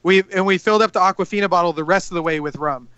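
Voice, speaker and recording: Young guy, high bright voice, laughing through a story on a podcast. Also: rapid-fire, smooth, no room sound, lo-fi sound. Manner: laughing, animated retelling. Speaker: podcast co-host. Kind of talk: casual storytelling chat.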